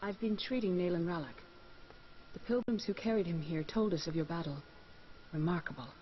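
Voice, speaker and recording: A woman voicing a calm Jedi master. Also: lowish voice, a little fast, highs cut off, a little hiss or hum, natural voice. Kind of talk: video game voice acting.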